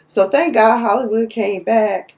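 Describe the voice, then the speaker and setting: A woman's voice: on the high side, measured pace, darkish tone. A young woman from Dallas, sassily recapping a TV episode in a casual, outspoken way. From Dallas, Texas. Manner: sassy, outspoken, cussing.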